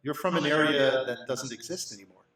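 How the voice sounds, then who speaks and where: A man's voice: mid-range voice, fairly quick, fairly bright tone, a little hiss or hum, close to an everyday voice. A man voicing a sly, secretive woman spy who speaks in a teasing, knowing way. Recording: echoey, off-mic.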